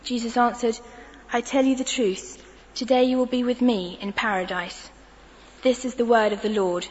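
A woman reading a scripture passage aloud in a measured, deliberate way. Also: fairly high pitch, fairly even intonation, darkish tone. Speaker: scripture reader. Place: church. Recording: dull lo-fi church recording with long reverb.

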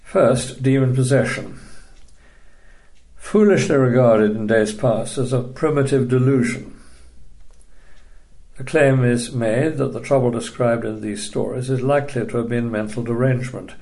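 A man teaching a recorded Bible study lecture, measured and emphatic, dryly dismissive of opposing views. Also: mid-range voice, a little mellow.

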